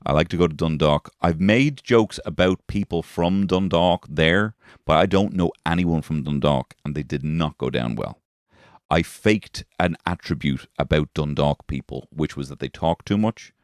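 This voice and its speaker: Dublin comedian, 30s, man, extremely deep voice, dry close recording, rambling self-mocking podcast chat with casual swearing. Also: normal speed, dry recording. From Dublin, Ireland. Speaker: comedian host.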